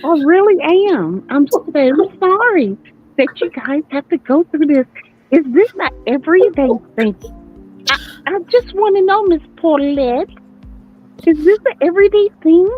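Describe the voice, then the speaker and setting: A woman's voice: very high-pitched, expressive, a little slow, phone-quality sound, soft background music. A woman voicing a prim, easily offended white woman in comedic role-play, gasping in exaggerated shock. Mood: mock-appalled. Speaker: podcast co-host.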